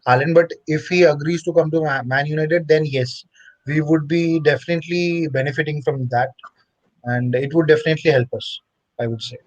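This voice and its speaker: Man, halting football chat guest, dry close sound, muffled lo-fi. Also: on the high side, steady tone, dry recording. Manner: hesitant, halting. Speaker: co-host.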